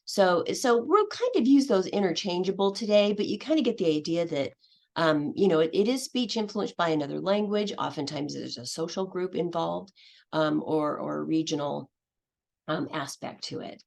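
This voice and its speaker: A middle-aged woman teacher gives a conference talk, her low voice carrying a gravelly edge of vocal fry. She talks hesitantly, filling pauses with ums and starting phrases over. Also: animated, a little mellow. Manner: hesitant, many fillers and restarts. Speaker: English language teacher. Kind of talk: conference presentation.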